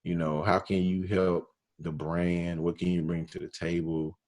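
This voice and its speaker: A radio DJ from Alabama, telling his story in a relaxed interview with slang and quoted dialogue. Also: sits low, a little slow. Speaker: radio DJ, podcast guest.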